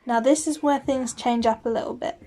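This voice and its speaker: A woman teaching a language lesson, explaining each word slowly and saying it twice for the learner to repeat. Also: on the high side, fairly even intonation, warm tone. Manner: patient, says each word twice clearly. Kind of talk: slow, clear lesson with repeat-after-me drills.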